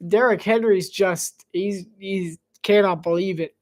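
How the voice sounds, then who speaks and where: Calling a football game live on her own, this woman sounds chatty and quick to laugh, slipping jokes in between plays. Her pitch is medium and a little mellow.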